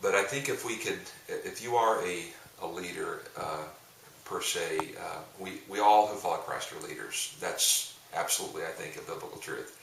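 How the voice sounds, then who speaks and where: A man's voice: sits low, normal speed, creaky, a bit bright. A middle-aged man, a pastor and coach, telling rambling, jokey stories in casual talk with frequent restarts. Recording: roomy echo, distant mic, faint hiss.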